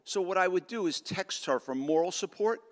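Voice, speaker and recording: A man's voice: high voice, animated, normal speed. A middle-aged man giving a joking, sarcastic motivational talk to students at a school assembly. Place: large school auditorium. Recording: echoey auditorium.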